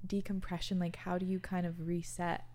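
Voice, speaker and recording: A woman's voice: fairly low pitch, level tone, moderate pace, warm tone. A woman hosting a casual podcast conversation, earnest and swearing casually, with laughter now and then. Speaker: podcast host.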